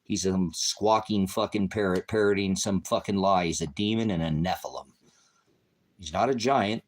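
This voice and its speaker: Low-voiced guy preacher ranting on a livestream, swearing nonstop, yelling at somebody in chat. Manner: heavy cursing, insulting and berating; confrontational, talks to a commenter. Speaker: online preacher. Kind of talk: angry livestream rant.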